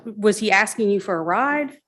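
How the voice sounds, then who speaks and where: A woman attorney questioning a witness in court, methodical and brisk, steering the answers with short questions. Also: medium pitch, lively intonation, a bit bright.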